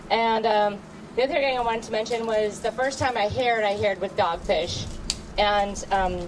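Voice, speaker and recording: A middle-aged woman with a somewhat high voice shares fond memories and pokes fun at herself. She is recorded from a distance, with a faint crowd murmur and hiss around her. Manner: fond, chatty, laughing at herself. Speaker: hasher giving a memorial tribute. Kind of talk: casual memorial speech.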